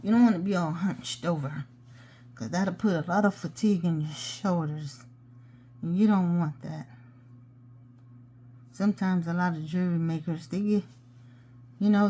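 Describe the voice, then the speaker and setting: Mellow low-voiced woman teaching crafts. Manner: chatty, talks to herself while working. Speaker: jewelry-making tutorial host. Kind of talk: casual step-by-step craft tutorial.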